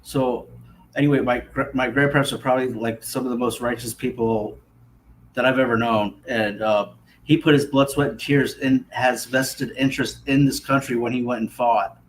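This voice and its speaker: Calm defensive male caller. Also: mid-range voice, normal speed, a little hiss or hum, rough recording. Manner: calm, defensive, keeps pushing his point. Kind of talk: debating on a livestream call.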